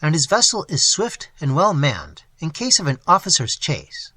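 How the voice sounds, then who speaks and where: Gruff Dutch tavern keeper, a man voicing him, guttural, husky, blunt and hearty. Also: a little high, big pitch swings, normal speed, sharp tone, dry recording, heavily acted.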